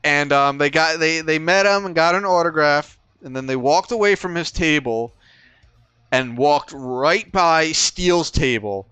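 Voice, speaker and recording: A man's voice: fairly high pitch, a little slow, sharp tone, clear, resonant tone, dry recording. A man co-hosting a podcast, telling stories in casual chat, swearing now and then and restarting his sentences. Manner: storytelling, profane, many restarts. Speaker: podcast co-host.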